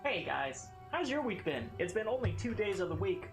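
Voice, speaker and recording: A woman's voice: mid-range voice, big pitch swings, moderate pace. A woman with a Southern American accent streaming a game, chatting casually with viewers, rambling, swearing and laughing often. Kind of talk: casual gameplay stream chat. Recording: echoey room with faint music.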